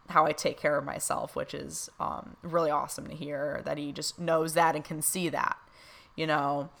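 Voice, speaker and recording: A young woman with a low, fairly bright voice chats casually to camera as a vlogger recounting a reading. She keeps saying "you know" and "like" and laughs often.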